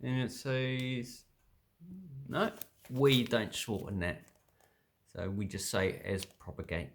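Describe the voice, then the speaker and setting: An Australian man casually explaining words from a dictionary, thinking aloud with many pauses and restarts. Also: medium pitch. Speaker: language vlogger.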